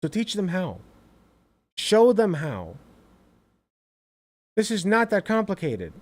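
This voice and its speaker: A man streaming reaction commentary, ranting in an animated, exasperated way with lots of swearing. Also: high voice, slow.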